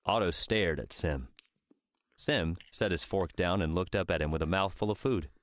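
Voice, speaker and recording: A man narrates an audiobook in a steady, even reading. His voice is very low. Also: moderate pace. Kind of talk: scripted narration.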